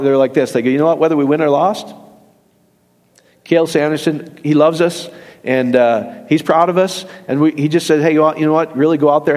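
A man preaching a sermon in a lively, conversational way, acting out quoted voices as he talks to his congregation during a church service. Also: on the high side, big-room sound. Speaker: pastor.

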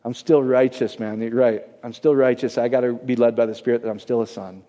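A man's voice: medium pitch, fairly even intonation, fairly quick, mellow. A man preaching a casual, conversational sermon as a pastor, often checking in with his audience. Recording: echoey hall, long reverb.

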